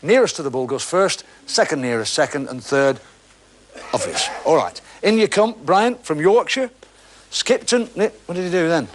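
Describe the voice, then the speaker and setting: Bloke hosting a tv game show, highish voice, bouncy, teasing banter. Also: male voice, expressive, normal speed, a little hiss or hum. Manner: jokey, teasing banter with contestants. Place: television studio.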